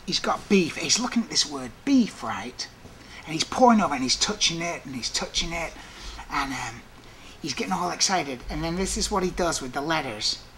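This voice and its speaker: A man working as a prison guard, telling stories from the job in a restless, animated way full of asides. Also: a little high, moderate pace, slight background noise. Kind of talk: storytelling monologue.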